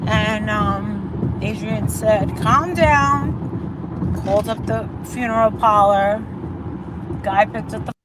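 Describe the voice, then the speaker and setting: A woman telling her side of a dispute on a live stream, speaking very slowly and swearing as she goes. Her retelling is drawn-out and aggrieved. The recording carries clear outdoor noise of traffic and water behind her. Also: mid-range voice, level tone. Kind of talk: slow storytelling on a live stream.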